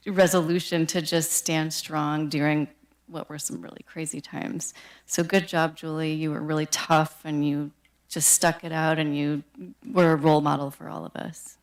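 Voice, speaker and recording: A county employee, a woman, giving plainspoken praise during public comment in a meeting chamber. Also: low voice.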